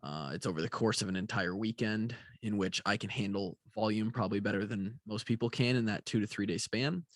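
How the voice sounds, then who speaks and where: Tired man rambling, low dry voice. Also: a little fast, few pauses, dry recording. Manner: rambling, frequent fillers, swears casually. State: tired, yawning. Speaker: vlogger. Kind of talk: casual talking-head vlog.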